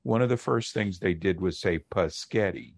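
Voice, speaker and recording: A man who is a linguist guest, explaining on a call-in radio show in a measured, lecturing way with pauses. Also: sits low, creaky, no room sound.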